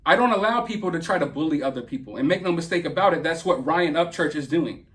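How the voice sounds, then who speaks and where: A man's voice: sits high, lively intonation, fairly quick, few pauses, a bit bright. A man with a Southern US accent from the American South, delivering a heated, confrontational commentary rant to viewers. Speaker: YouTube commentator.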